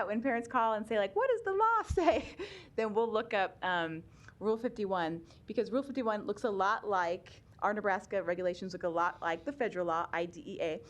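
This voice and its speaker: A woman giving a chatty talk on special education law at a public meeting, laughing often and using many ums. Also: medium pitch.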